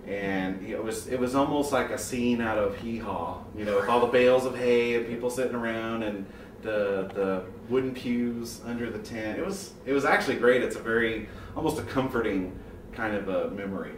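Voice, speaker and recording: A man's voice: lowish voice, moderate pace, distant mic, slight background noise. A man thoughtfully recalling revival meetings from his childhood in an interview. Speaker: choir member. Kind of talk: reflective interview talk. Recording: roomy, off-mic with faint ambience.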